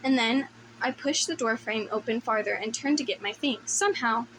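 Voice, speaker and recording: A woman's voice: a little high, normal speed, fairly bright tone, a little hiss or hum, poor audio. Wry woman narrating an audiobook. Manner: wry, conversational. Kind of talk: first-person novel narration.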